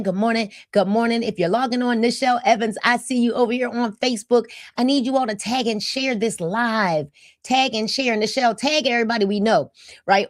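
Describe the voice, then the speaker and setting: A woman's voice: on the high side, no echo, clean studio sound. A woman, hosting a casual livestream and greeting viewers by name in an upbeat way. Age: 50s. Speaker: host of a livestream.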